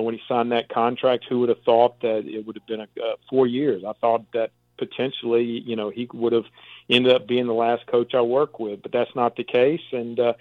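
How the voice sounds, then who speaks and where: A man, a sports information director, talking on a radio show by phone in a halting way full of fillers. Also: mid-range voice, no room sound. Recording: tinny phone line.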